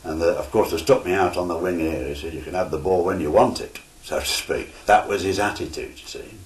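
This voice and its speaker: Very deep-voiced older man reminiscing. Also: a little fast. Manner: formal storytelling with quoted dialogue. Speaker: retired footballer. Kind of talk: reminiscing oral history. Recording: roomy interview recording.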